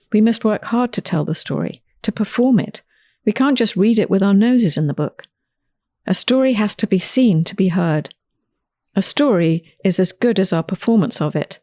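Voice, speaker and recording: A woman host and author telling a personal story in a scripted, lively reading style. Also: medium pitch, no room sound, studio quality.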